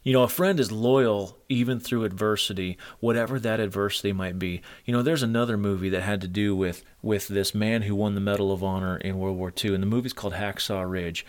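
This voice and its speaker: A man's voice: fairly low pitch, steady tone, a little fast, few pauses. A middle-aged man preaching a sermon to men, earnest and moved, retelling stories with feeling. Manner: emotional, earnest storytelling.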